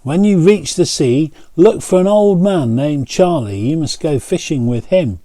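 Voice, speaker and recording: A gentle, grateful troll mother from a picture book speaks in a soft, unhurried way, voiced by a man reading aloud. Her tone is mellow and warm, and the sound is dry and close. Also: a little high, expressive, no room sound, voice pushed up. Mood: kindly.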